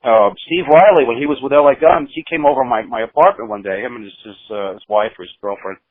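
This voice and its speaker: Speaking fast in a mid-range voice, a man in his sixties, a musician under interview, rambles through long stories with many restarts and acted quotes. It's casual storytelling, recorded dry with tinny, phone-like audio.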